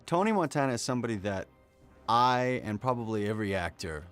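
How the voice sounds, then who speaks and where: A man's voice: medium pitch, very animated, fairly quick, fairly bright tone, clear, resonant tone, faint music behind. A man, a voice actor, reflecting thoughtfully in an interview.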